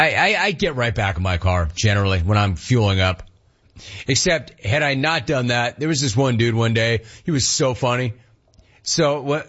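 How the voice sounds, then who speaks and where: A man's voice: medium pitch, fairly bright tone, dull audio. A man hosting a casual talk radio show and reading listener complaints, talking in slang and repeating words for emphasis.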